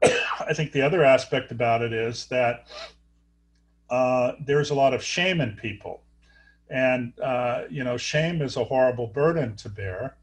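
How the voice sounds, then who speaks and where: A middle-aged man, a surgeon, telling stories in an interview, halting often with fillers and restarts. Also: medium pitch. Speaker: guest, neurosurgeon. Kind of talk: storytelling interview talk.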